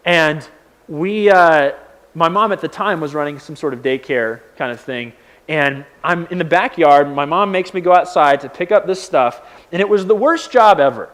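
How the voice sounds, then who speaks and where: Casual, high-voiced young male pastor preaching. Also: moderate pace. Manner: conversational, animated storytelling with many fillers. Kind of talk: sermon.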